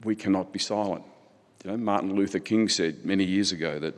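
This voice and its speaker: A man's voice: deep voice, brisk. A middle-aged man giving an impassioned conference keynote, building his points through rhetorical repetition. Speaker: keynote speaker. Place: large conference hall. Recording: hall reverb.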